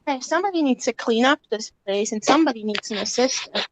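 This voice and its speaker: A woman's voice: fairly high pitch, expressive, quick pace, a little hiss or hum, rough recording. A woman on a group video call, chatting casually and pointing out things she has found. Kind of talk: casual chat.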